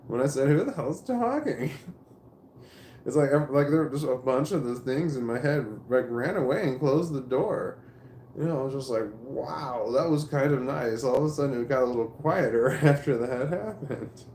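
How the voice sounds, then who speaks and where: Man, casual vlog monologue, rambling, halting, swearing, mellow tone, echoey room. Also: medium pitch, a little hiss or hum. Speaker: vlogger. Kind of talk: casual spoken monologue to camera. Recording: roomy echo.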